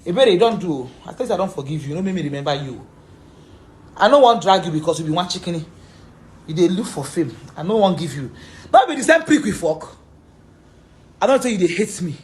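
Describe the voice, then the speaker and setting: A woman's voice: fairly low pitch, very animated, brisk, pauses often, a little mellow. A woman with a Nigerian Pidgin accent giving an accusatory, repetitive rant, mixing Pidgin and English. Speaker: actress addressing a former friend. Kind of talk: confrontational video rant.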